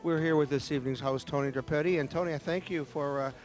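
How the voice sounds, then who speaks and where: A man hosting a restaurant show, his voice on the higher side as he rattles off quick, eager questions. Faint music plays behind him at the party. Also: fairly even intonation. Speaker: restaurant show host interviewing. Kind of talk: casual on-location interview.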